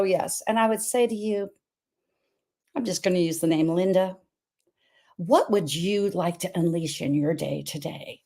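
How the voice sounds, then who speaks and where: Emphatic older woman from Montana. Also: darkish tone. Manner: emphatic and repetitive, with sweeping swings in pitch and volume. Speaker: host of a virtual health event. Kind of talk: inspirational talk.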